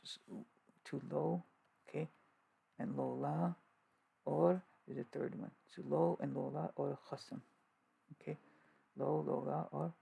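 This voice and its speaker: A man teaching an informal grammar lesson, halting with fillers and restarts, repeating key terms as he goes. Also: medium pitch, vocal fry, mellow, husky, rough recording.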